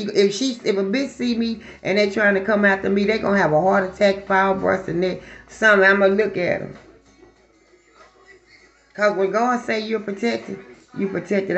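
A woman's voice: mid-range voice, steady tone, normal speed, vocal fry, highs cut off, faint music behind. A woman who talks bluntly and swears freely, chatting casually to her viewers before she does a psychic reading. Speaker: psychic reader.

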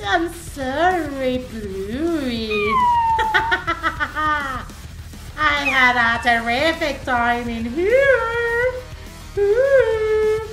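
A woman's voice: high voice, exaggerated voice. A woman voicing a gleeful, hungry cat monster in a playful game role-play, giggling, meowing and taunting. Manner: giggly, meows between lines, taunting. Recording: echoey room with loud game music.

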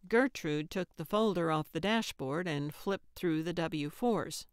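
A woman narrating a cozy mystery audiobook in a measured, deadpan way. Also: lowish voice, smooth, no room sound, studio quality. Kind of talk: scripted narration.

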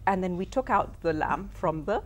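A woman's voice: lowish voice, moderate pace. A woman from Pakistan, a writer and cooking-show host, telling anecdotes as an interview guest and acting out quoted lines. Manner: lively storyteller, acts out quotes.

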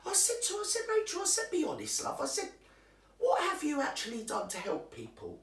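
A performer doing a gossipy older woman, chattering away in confiding asides and teasing jabs. Her pitch swoops up and down with relish. She sounds a step back from the mic in a roomy space. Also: huge pitch swings, brisk, far from the mic, exaggerated voice. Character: gossipy older British woman, nosy and cheeky. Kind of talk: comic character monologue to camera.

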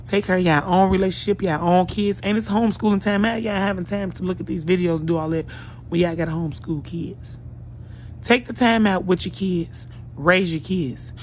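A woman's voice: lowish voice, normal speed, a little hiss or hum. A woman vlogger delivering a blunt, profane, scolding rant straight to her viewers, sounding like she just woke up. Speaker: YouTube vlogger. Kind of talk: ranting commentary vlog.

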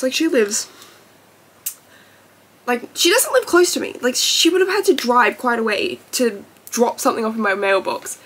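A woman's voice: a little high, normal speed, breathy edge. Chatty, gushing young woman vlogger. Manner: chatty and gushing, filler-heavy. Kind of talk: casual vlog chat.

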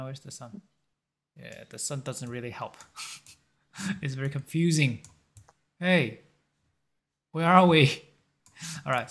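A man hosting a map-guessing game video, thinking aloud in a halting, musing way with short chuckles. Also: mid-range voice, vocal fry, fairly bright tone.

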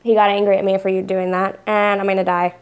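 A woman's voice: mid-range voice, level tone, fast talker, slight background noise, poor audio. A young woman playing a horror game at home, talking back to its characters and swearing in frustration. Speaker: gaming YouTuber. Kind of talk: let's play commentary. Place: home room with a cat nearby. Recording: music playing under the voice.

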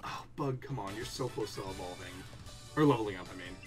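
A man giving casual gaming commentary as a let's play co-host, excitable and laughing often. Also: on the low side, a little fast, over music.

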